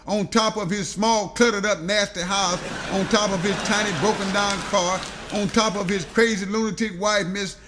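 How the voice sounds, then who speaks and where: A man's voice: sits high, pushed and bright. A man reading a comic audiobook story aloud, rambling through long lists with stumbles and repeats.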